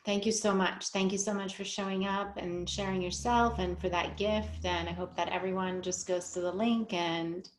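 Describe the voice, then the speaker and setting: A woman's voice: medium pitch, fairly even intonation, moderate pace, few pauses, low-quality recording. A woman hosting an interview, effusive and grateful, often thanking her guest. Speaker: interview host. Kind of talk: casual interview talk.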